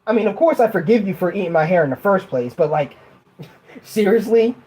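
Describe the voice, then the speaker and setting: A woman hosting a casual livestream in bed talks haltingly, restarting sentences often and giggling between lines. Her mid-range voice is animated with a darkish tone, and the audio is poor.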